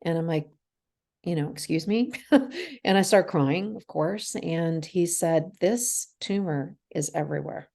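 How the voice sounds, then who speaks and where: Her voice runs on the low side, creaky and darkish, and she speaks slowly but with real animation. She is a Canadian woman in her forties, a guest in an interview, candidly recounting a personal story, voicing the dialogue, and laughing through hard memories.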